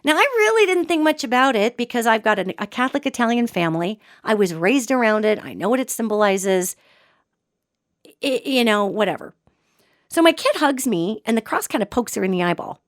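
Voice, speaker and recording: Lively-voiced woman podcast host. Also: fairly high pitch, fairly quick, no room sound, clean studio sound. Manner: animated, chatty, ending in a spooky whisper. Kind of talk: casual storytelling monologue.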